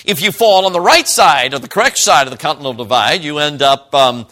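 A middle-aged man from Chicago preaches as a traveling evangelist, with a bright, forceful voice. His delivery is folksy and chatty, and he keeps turning to the congregation with questions and jokes. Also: on the high side, expressive, fairly quick. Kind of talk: sermon. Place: church service.

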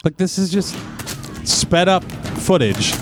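Animated man telling a story. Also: high voice, slow, background noise. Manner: animated storyteller, acts out his own shouts. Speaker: podcast co-host. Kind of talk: casual chat, storytelling.

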